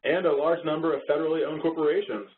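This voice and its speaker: A man's voice: fairly high pitch, steady tone, fast talker. Easygoing man, tinny line. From Texas. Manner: easygoing, laughs along at jokes. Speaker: webinar co-host. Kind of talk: casual webinar presentation. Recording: tinny phone-like webinar audio.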